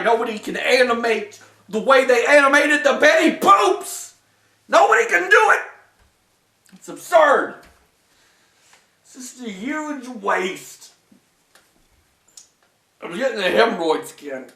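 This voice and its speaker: A man's voice: high-pitched, pushed and bright, full character voice. A man voicing a weary, washed-up male cartoon star who moans and rambles in complaining rants. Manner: whiny, moaning, rambling rants. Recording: roomy echo from a distant mic.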